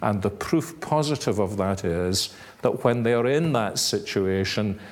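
A man preaching a sermon in a measured, earnest way, now and then rising to sudden emphatic stress. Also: fairly low pitch.

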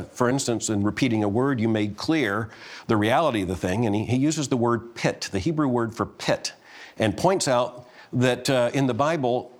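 Middle-aged preacher, earnest, scripture reading and teaching, mid pitch. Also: male voice. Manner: reads scripture aloud, then explains it in an earnest teaching tone. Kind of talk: sermon.

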